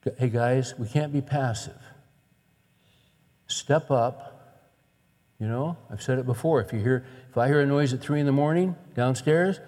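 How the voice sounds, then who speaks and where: A man's voice: medium pitch, moderate pace, pauses often, a little mellow. Earnest male preacher in a reverberant hall. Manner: earnest, conversational storytelling with rhetorical questions. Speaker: pastor. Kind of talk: sermon.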